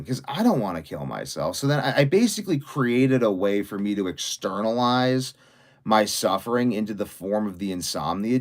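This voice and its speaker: A young man talking in a fast, rambling live-stream monologue, full of fillers and restarts. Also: on the low side. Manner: fast, run-on talk with many fillers and restarts. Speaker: vlogger livestreaming while writing.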